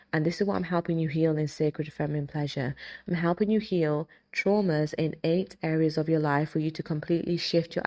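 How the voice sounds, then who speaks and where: Low, mellow-voiced woman preaching emphatically. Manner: emphatic, repeats key phrases for stress. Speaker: podcast host and hypnotist. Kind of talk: motivational religious talk.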